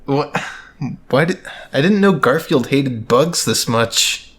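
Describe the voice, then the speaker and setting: Slow, wry male let's-player. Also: mid-range voice, breathy edge. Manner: wry, deadpan asides. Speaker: let's play co-host. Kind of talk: casual banter reading comics aloud.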